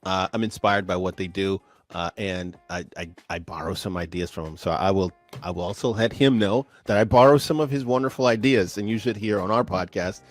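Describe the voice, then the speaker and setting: A man hosting a business tech podcast, giving energetic, hype-filled introductions and chatting casually with his guest. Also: deep voice, fairly quick, hardly any pauses, faint music behind. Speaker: podcast host. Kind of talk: upbeat show hosting.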